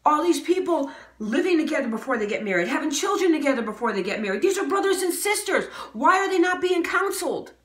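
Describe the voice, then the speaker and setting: A woman's voice: sits high, very animated, fast, few pauses, a bit bright, roomy sound. A woman preaching a fervent video sermon, emphatic and full of pointed rhetorical questions.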